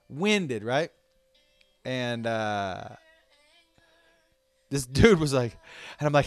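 A man's voice: mid-range voice, expressive, slow, long pauses, no echo, faint music behind. Rambling, profane man telling a story. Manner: rambling and profane, with loud outbursts. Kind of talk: casual storytelling.

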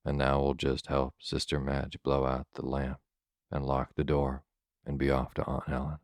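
A man voicing a kindly, cheerful old country doctor who gently soothes a child, in a bedtime storybook reading. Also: extremely low pitch, monotone, normal speed, no room sound, studio quality.

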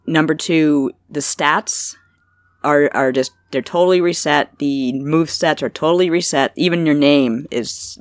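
A woman co-hosting a gaming podcast, relaxed, informative and matter-of-fact as she gives her review. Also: extremely low pitch, no room sound, clean studio sound. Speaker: podcast co-host, game reviewer. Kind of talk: casual podcast chat.

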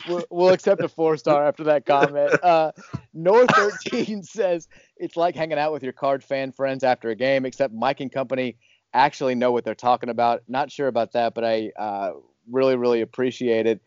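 A man's voice: medium pitch, little pitch movement, brisk, a little mellow, smooth, no echo, highs cut off. Easygoing man hosting a podcast. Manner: easygoing, reads listener reviews. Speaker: podcast host. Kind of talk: casual podcast chat.

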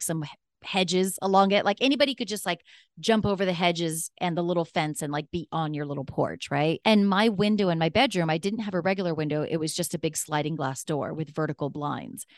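A woman's voice: lowish voice, no room sound, clean studio sound. A young woman casually telling a personal story, chatty and full of "like" fillers. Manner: chatty, many "like" fillers, acts out quoted dialogue.

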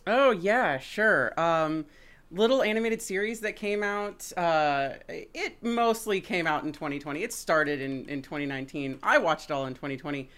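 Low-voiced woman, animated chat. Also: normal speed. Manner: animated, acts out pets' voices. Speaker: podcast guest. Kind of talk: casual chat on a video call.

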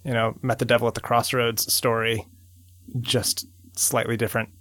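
A man co-hosting a podcast in casual, halting chat, often restarting his sentences. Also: medium pitch, flat delivery, a bit bright, no echo. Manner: hesitant, restarts and trails off. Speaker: podcast co-host.

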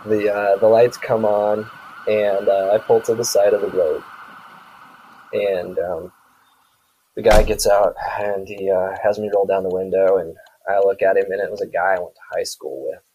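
Low-voiced man telling a rambling story. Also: fairly even intonation, measured pace, a little mellow, a little hiss or hum, low-quality recording. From South Dakota. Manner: rambling retelling full of quoted dialogue and repeated "I said". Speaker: podcast guest. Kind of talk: casual storytelling.

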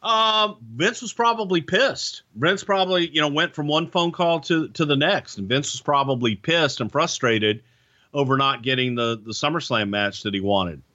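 A man's voice: on the high side, normal speed, sharp tone. A man on a podcast recalling backstage wrestling politics in a rambling, casual way, full of "you know" and restarts. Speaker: former wrestling insider guest. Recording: dull lo-fi sound.

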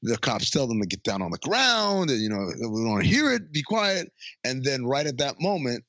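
Animated man recapping a movie. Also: medium pitch, fairly quick, dry recording. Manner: animated, acts out lines in funny voices, laughs often. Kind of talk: casual chat recapping a movie. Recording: dry, dull lo-fi sound.

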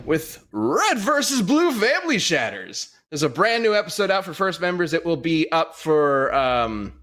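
A man's voice: on the high side, big pitch swings, moderate pace, fairly bright tone. A man hosting a casual streamed panel chat, laughing often and talking loosely. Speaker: show host.

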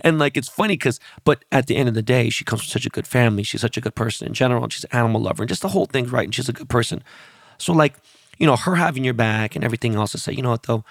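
A brash, profane man hosting a podcast, telling loose stories full of quoted voices. His voice has a gravelly fry at mid pitch. The sound is dry and close. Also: racing, no room sound. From born and raised locally. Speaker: podcast host. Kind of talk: casual podcast chat.

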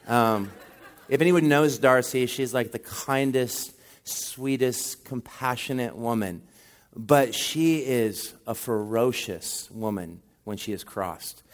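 A man delivering a sermon as a visiting pastor, speaking in a middle register. He keeps it conversational and jokes at his own expense. On key points his voice climbs and grows louder. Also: mid-range voice, takes it slowly. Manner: conversational preaching with self-deprecating humor. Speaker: guest pastor.

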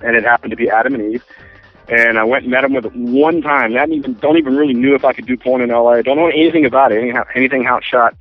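Over a tinny phone line with faint music, a man tells his story as an interview guest in a medium-pitched, fairly evenly intoned voice, racing along. He rambles casually, restarts often and acts out quotes. There's no room sound.

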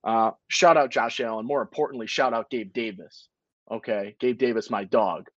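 A man's voice: medium pitch, moderate pace, no room sound, muffled recording. A man co-hosting a sports podcast, chatting in a loose, enthusiastic way. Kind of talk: casual sports talk.

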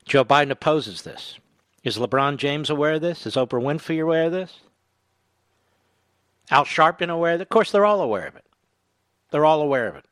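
A man with a high, bright, forceful voice hosts a political talk radio show. He speaks into a dry, close studio mic and stays indignant throughout. He keeps hammering his points home by repeating them. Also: lively intonation, a little fast, pauses often, no echo. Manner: emphatic, indignant, repeats phrases for stress.

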